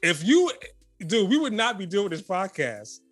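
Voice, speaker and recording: A man with a slightly high voice, co-hosting a casual faith podcast. He talks animatedly and hammers his points home by repeating phrases. Faint guitar music plays in the background. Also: sing-song, measured pace, a bit bright, husky. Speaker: podcast co-host.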